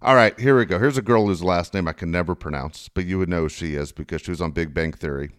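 Fast-talking low-voiced man hosting quiz. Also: no echo, clean studio sound. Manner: teasing, quick, matter-of-fact. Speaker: podcast host running a quiz segment. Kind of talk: casual podcast banter.

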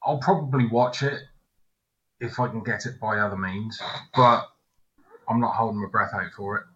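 A man joining a casual chat with short, dry comments. His voice is bright and sharp. The sound is dull and lo-fi. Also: on the low side, fairly even intonation, moderate pace.

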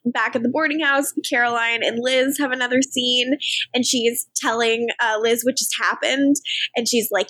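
A woman's voice: a little high, moderate pace, fairly bright tone, no echo. A woman co-hosting a podcast, recapping a show in casual chat, joking at her own expense and openly sentimental. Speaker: podcast co-host.

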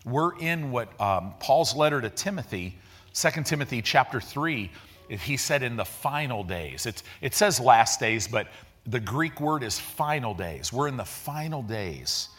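Man, pastor, sermon, conversational, slangy, deliberate then excitable, mid-pitched voice. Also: slightly rough, faint music behind. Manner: conversational preaching with slang and vivid retellings.

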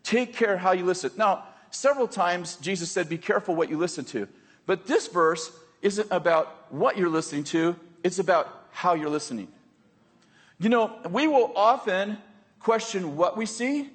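A man with a high, husky voice preaches a sermon to his congregation. He talks in a conversational way, checking in with the room and slipping in jokes between points. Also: big-room sound. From United States. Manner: conversational, joking asides with the congregation. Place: church hall with a congregation.

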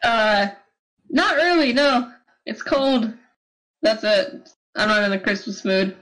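Laid back giggly woman, kinda high voice, talks real slow. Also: animated, a bit bright, poor audio. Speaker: podcast co-host. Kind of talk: casual group chat.

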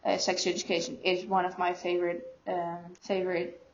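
Dutch-accented young woman guest, halting and searching for words, flat delivery on a muffled recording. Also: fairly low pitch, a little hiss or hum. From Netherlands. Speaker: student guest. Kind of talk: casual personal storytelling. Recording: dull lo-fi recording.

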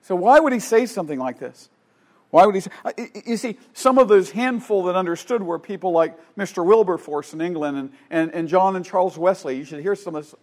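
A man preaching a sermon, fervent, swinging between loud declarations and quiet asides, with frequent restarts. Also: sits high, fairly quick. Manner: fervent, rising and falling, with many restarts.

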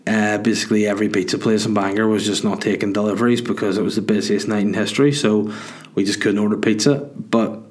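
A man's voice: on the low side, fairly even intonation, fast. A man, a comedian telling a story in a chatty, self-mocking way, swearing freely. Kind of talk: casual storytelling monologue.

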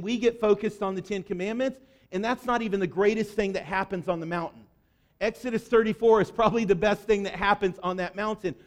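Man, high voice, pastor, conversational sermon, animated, acts out quotes.

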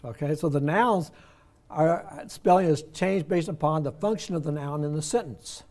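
An older man leads a Bible study in a mellow, soft-edged voice that sits on the high side for a man. His manner is conversational, and he slows down to explain words and lean on the ones he wants to stress.

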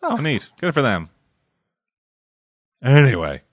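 A man's voice: mid-range voice, big pitch swings, fairly quick, fairly bright tone, no echo, studio quality. A man from Canada, co-hosting a casual podcast chat, rambling and swearing freely as he sums up a manga series. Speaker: podcast co-host reviewing manga.

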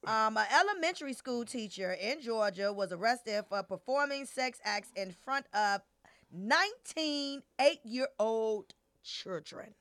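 A woman's voice: on the high side, expressive, measured pace, a bit bright, no echo. A woman co-hosting a casual chat, teasing her friends and laughing often. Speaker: podcast co-host. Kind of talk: casual banter.

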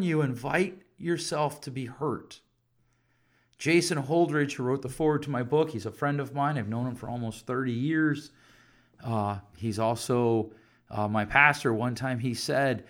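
A middle-aged man hosting a parenting talk, speaking candidly about his own mistakes and acting out short exchanges with his children. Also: mid-range voice. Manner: candid and self-disclosing, acts out little dialogues with his kids. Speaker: parenting podcast host and counselor. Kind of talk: reflective solo talk to camera.

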